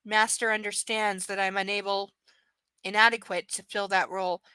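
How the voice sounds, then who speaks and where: Woman reading as a soft, sing-song unstable young woman. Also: mid-range voice, flat delivery, normal speed, clean tone, no room sound, voice pushed down, lightly acted. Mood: soft, childlike. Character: unstable, childlike young woman holding a gun.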